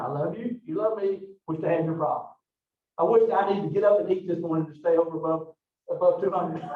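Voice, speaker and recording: A middle-aged man lectures on anatomy, wandering into chatty stories and asides. His voice sits fairly high for a man. It was picked up from across an echoey classroom, and the recording sounds dull and lo-fi. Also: distant mic. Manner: folksy, rambling storyteller with asides. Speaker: college anatomy instructor.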